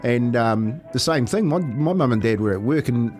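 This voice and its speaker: A New Zealand man co-hosting a breakfast radio show, spinning animated childhood yarns and teasing his co-host. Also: medium pitch, moderate pace, faint music behind. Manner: animated yarn-spinner who asks teasing questions. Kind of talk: casual radio banter. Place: radio studio.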